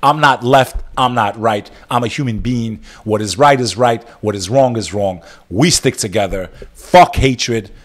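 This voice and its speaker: A man's voice: lowish voice, normal speed. Fiery, profane man on a live stream. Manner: fiery, profane, preacher-like exhortation; subdued and somber when speaking of loss.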